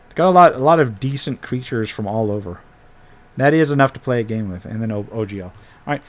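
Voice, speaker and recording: A man's voice: medium pitch, lively intonation, fast. A man hosting a casual live stream, thinking aloud as he pages through tabletop game files and drops wry asides. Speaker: host reviewing tabletop game PDFs.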